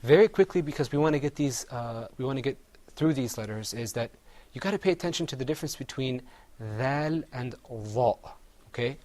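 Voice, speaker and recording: Fairly quick and darkish in tone, a man's mid-range voice guides a classroom through Arabic letter sounds. He patiently models each sound for the group to repeat while explaining the mouth positions step by step.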